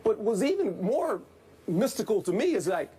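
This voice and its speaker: A man, a former football coach, giving animated, folksy analysis in a sports debate and hammering the same point again and again. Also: high-pitched, moderate pace, breathy edge.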